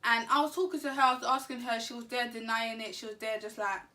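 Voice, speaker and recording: Woman, storytime vlog, animated and slangy, bright voice, distant mic. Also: fairly high pitch, fast. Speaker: vlogger. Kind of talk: casual storytime.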